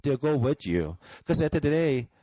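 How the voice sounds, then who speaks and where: A man's voice: a little high, very animated, a little fast, dark tone, dry recording. A man appearing as a guest comedian in casual chat, adding frequent short agreements. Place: home man cave.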